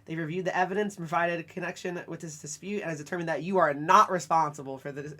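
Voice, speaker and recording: A young man co-hosting a casual podcast, chatty and quick, often laughing. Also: a little high, fairly even intonation, background noise. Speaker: podcast co-host.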